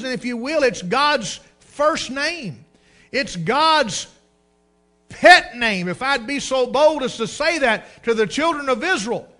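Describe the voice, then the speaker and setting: Pastor guy preaching, highish voice, slows down to read the verses, trails off quiet at the ends. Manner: emphatic preaching, slows down to quote scripture; drops to a hushed low voice at line ends. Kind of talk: sermon.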